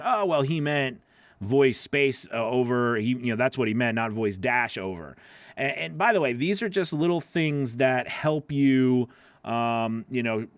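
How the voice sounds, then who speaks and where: A man's voice: mid-range voice, clean tone, no room sound. A man coaching voice-over freelancers, critiquing their gig pages live in a casual, encouraging way, repeating himself with many fillers, from home.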